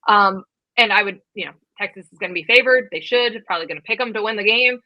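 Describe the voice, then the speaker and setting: A woman in her thirties co-hosting a college football podcast, talking fast and casually with lots of fillers. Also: medium pitch, no room sound, muffled recording. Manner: quick, chatty, many fillers. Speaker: podcast co-host. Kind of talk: casual sports chat.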